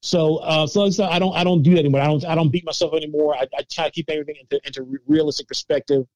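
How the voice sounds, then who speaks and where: A man's voice: on the high side, steady tone, rapid-fire, a little mellow, dry recording, poor audio. A man as a filmmaker guest on a podcast, talking casually with lots of laughs and restarts as he mocks himself. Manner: laughing, self-mocking, many restarts. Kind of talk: casual interview chat.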